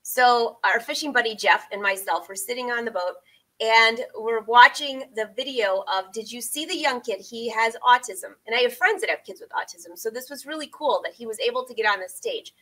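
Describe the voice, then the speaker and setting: A woman's voice: on the high side, normal speed, bright, forceful tone, poor audio. A middle-aged woman chatting casually with viewers from her sewing studio, rambling and laughing often. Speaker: sewing vlogger and pattern designer. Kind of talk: casual live chat with viewers.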